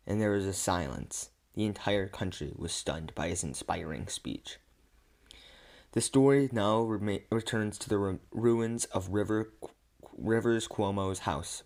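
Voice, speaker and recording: A man reading an absurd comic story aloud in a deadpan way, often stumbling and restarting words. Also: fairly low pitch.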